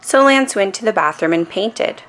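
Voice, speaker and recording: A woman reading a children's storybook aloud in a calm, soothing bedtime manner. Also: mid-range voice, moderate pace. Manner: calm, soothing reading with playful character voices.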